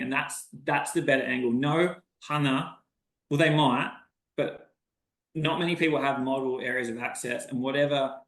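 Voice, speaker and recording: An Australian man talks loosely on a podcast, rambling from one story to the next and acting out both sides of old conversations. His voice sits at an ordinary middle pitch. The recording carries a noticeable roomy echo. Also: steady tone, normal speed, a bit bright. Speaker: podcast guest, bowhunter. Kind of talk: casual podcast chat.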